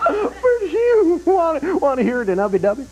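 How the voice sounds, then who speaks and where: A man's voice: very high voice, huge pitch swings, normal speed, muffled recording, exaggerated voice. A man playing a hip, boastful president on a satellite link, with a cackling, slangy drawl. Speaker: comedy sketch performer. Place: late-night TV studio. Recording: noisy broadcast with loud studio audience.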